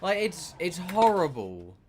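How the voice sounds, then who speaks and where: A man's voice: high voice, sing-song, takes it slowly, darkish tone, slight background noise. A young man, chatting casually and ranting with exasperation while he streams a game. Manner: ranting, exasperated, swears a lot. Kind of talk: casual chat while gaming.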